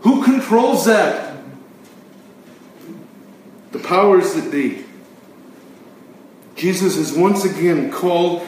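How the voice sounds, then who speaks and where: A man preaching a sermon with emphatic delivery, swinging between loud declarations and hushed words. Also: a little high. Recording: very echoey room, distant mic, faint noise.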